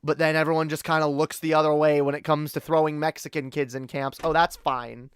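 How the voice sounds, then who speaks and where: Speaking fairly quickly with little pitch movement, this low-voiced Canadian woman delivers a heated, profane live-stream rant. Her tone is clean with no room sound, and she keeps restarting and repeating words in her anger.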